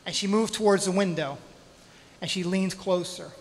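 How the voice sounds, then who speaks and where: A man performing a true story live on stage, dramatic, with pauses, spoken sound effects and self-deprecating humor. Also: high voice, slight background noise. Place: stage in a hall at a storytelling night. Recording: hall reverb, faint ambience.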